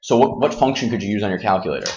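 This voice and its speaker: A man teaching a calculus class in a classroom, casual and self-deprecating, firing quick questions at his students. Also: lowish voice, very animated, darkish tone, dull audio. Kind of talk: classroom math lesson.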